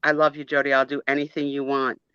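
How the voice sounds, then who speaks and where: A woman's voice: extremely low pitch, flat delivery, fast, a bit bright, smooth, no room sound, muffled recording, pitched below the performer's own voice. A woman voicing an eager, sleepy schoolgirl who agrees to everything.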